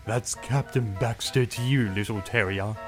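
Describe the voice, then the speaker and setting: A man voicing a boastful, pompous male tank engine in a storybook reading, with a sneering, drawn-out delivery. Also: medium pitch, over music, lightly acted.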